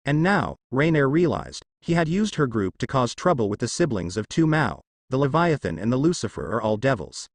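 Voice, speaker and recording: A man narrating a fanfic story in a steady storytelling way. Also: mid-range voice, moderate pace, hardly any pauses, no room sound. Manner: steady storytelling, lively intonation. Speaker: reader.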